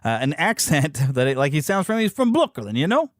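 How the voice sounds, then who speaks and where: Sex: male. Role: podcast host. Style: animated, rambling chat. Pace: fast. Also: on the high side, no room sound, studio quality. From United States. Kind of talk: casual chat.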